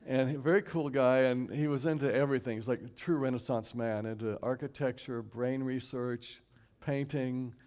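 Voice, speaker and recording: A man from Houston gives an inspirational talk to a church audience in a middle-pitched voice. He speaks conversationally, slowing down to repeat key lines and asking the audience to say them along with him. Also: fairly even intonation, a little mellow. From Houston, Texas. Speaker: guest speaker and singer at a church service. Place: church sanctuary, live stream.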